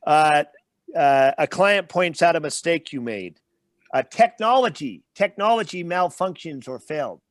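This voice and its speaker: A man's voice: fairly high pitch, expressive, a little slow, no room sound. A man as the guest speaker and trainer in an interview, explaining with everyday examples and stopping to check in with the listener.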